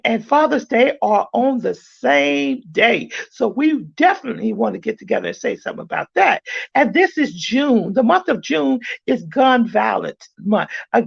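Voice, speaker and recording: A man hosting a podcast, speaking loudly and emphatically in a churchlike, preaching manner. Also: very high voice, vocal fry, husky, muffled recording. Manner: loud, emphatic, church-like delivery. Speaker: podcast host. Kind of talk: preaching-style announcement.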